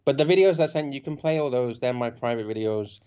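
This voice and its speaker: A man calls in over a muffled, lo-fi line. His voice is dark and mellow, with a middle pitch. He chatters casually, chuckling often, and stumbles over repeated words before tagging his points with a questioning "right?". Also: brisk, clean tone. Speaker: caller. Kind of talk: casual call-in chat.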